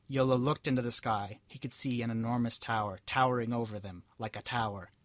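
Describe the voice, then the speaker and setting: A man's voice: mid-range voice, fairly even intonation, a little fast, no echo. A young man running a comedic tabletop game, reading a story aloud in a hammy, melodramatic voice and chatting with the players. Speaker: game master.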